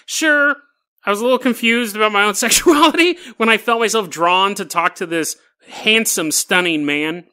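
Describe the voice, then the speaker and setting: A man's voice: high-pitched, normal speed, pushed and bright, clear, resonant tone. A man doing an eager lovestruck guy. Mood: thrilled. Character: excitable lovestruck man telling his story.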